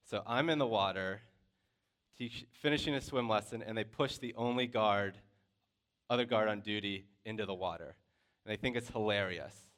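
Casual instructor, male, clear resonant voice, storytelling with lots of fillers. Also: on the low side, normal speed. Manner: lively storyteller, loose and conversational with many fillers. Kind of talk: personal story told to a class.

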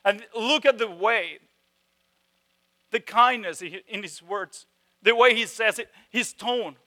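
High, bright-voiced male preacher. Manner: emphatic, swings from loud stresses to hushed tones; slow, deliberate delivery with repeated phrases. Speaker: pastor. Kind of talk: sermon.

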